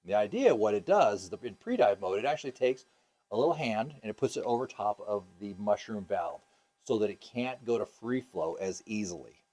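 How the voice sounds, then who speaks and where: A man's voice: lowish voice, lively intonation, fairly quick, warm tone. Casual upbeat male scuba instructor. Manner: casual and upbeat, many ums and uhs, asks the class questions. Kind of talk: classroom teaching.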